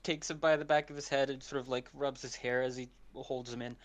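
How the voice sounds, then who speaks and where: A man playing a tabletop game, talking in character in a hesitant, halting way. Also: mid-range voice, fairly even intonation. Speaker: player.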